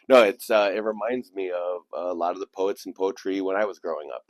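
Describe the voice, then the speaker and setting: Deep-voiced man hosting a poetry reading. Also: fairly quick, darkish tone, no room sound. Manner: reflective, digressive. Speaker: channel host. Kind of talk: casual commentary and poetry reading.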